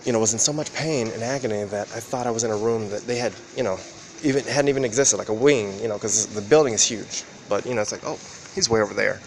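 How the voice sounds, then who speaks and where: Fast-talking profane man rambling over noise. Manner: profane, rambling, acts out quoted exchanges with pitch jumps. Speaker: vlogger. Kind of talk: rambling monologue to camera. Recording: loud background ambience.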